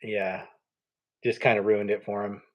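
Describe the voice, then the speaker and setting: Relaxed man chatting, muffled audio. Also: on the low side, measured pace. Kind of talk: casual chat.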